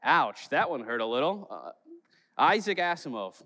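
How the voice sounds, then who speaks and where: A pastor from Chicago preaching a sermon in church, telling stories with jokes and playful acted quotes. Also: male voice, fairly high pitch, big pitch swings, moderate pace, pushed and bright, in a large hall. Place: church sanctuary.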